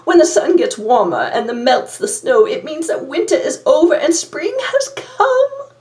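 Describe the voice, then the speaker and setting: A woman voicing a friendly, wise male red squirrel in a storybook, gently scolding and reassuring. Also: sits high, very animated, measured pace, pitched above the performer's own voice. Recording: roomy, from a distance.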